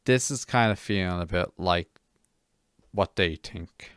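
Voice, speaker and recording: A man's voice: low-pitched, a little slow, fairly bright tone, clear, resonant tone, dry recording, clean studio sound. A man streaming a game, chatting casually with viewers in a rambling, self-mocking way full of restarts.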